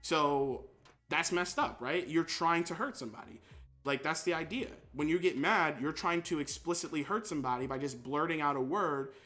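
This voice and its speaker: Animated young man streamer, bright voice. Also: fairly high pitch, normal speed, faint music behind. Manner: animated, reads chat aloud. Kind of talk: casual live-stream commentary.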